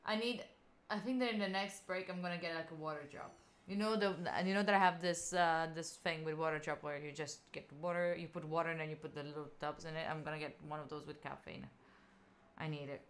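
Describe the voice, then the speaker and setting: A woman's voice: low-pitched, steady tone, fairly quick. A tired young Italian-accented woman in her twenties, a native Italian speaker, chatting casually with viewers during a study stream. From Italy. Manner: chatty, reads and answers viewer messages between tangents. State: tired, yawning. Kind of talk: casual live-stream chat.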